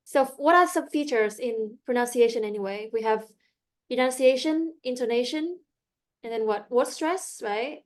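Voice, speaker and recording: Woman student, slightly high voice, repeats words, asks questions. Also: moderate pace. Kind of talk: practicing pronunciation in a lesson.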